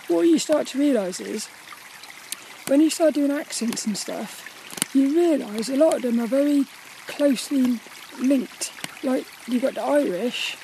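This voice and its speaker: A vlogger with an English accent chatting quietly and rambling while walking by a river in the woods. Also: mid-range voice, measured pace, slight background noise, poor audio. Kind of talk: casual walk-and-talk vlog. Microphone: camera carried while walking.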